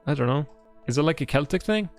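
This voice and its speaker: A man's voice: a little high, lively intonation, fast, faint music behind. Chatty, sweary Irish man streaming. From Ireland. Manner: swears a lot, rambling, self-deprecating. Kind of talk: casual live gameplay chat.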